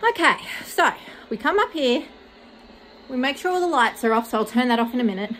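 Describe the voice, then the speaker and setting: A young mother talks casually to the camera on her phone, turning to coax her baby in a sing-song voice. Her voice sits a little high and sounds bright and clear. A faint hiss of room noise lies underneath. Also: lively intonation, brisk, rough recording. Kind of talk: casual vlog chat. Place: baby's bedroom, indoors. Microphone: phone camera held by hand.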